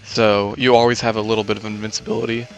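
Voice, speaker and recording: A man's voice: on the low side, little pitch movement, fast, muffled recording, faint music behind. A man giving casual live commentary on his own speedrun, explaining game mechanics with many fillers and restarts.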